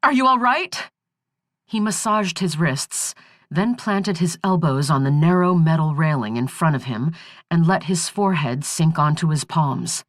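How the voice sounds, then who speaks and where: A woman narrating an audiobook thriller in a slow, measured, steady reading. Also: sits low, no echo, studio quality.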